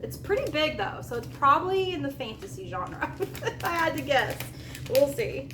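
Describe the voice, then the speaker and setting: A woman book vlogger gushes over what she is showing, her voice sitting a little high. She talks in a casual, excitable way with long exclamations. The room is echoey and there is a faint hum behind her. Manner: gushing, excitable, drawn-out exclamations. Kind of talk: casual vlog chat.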